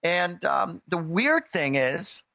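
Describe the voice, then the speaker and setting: A man co-hosting a radio call-in show, chatting casually and telling stories with lively exclamations. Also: high-pitched, takes it slowly, no echo, lo-fi sound. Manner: animated storyteller, exclaims often. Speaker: radio show co-host, psychic reader.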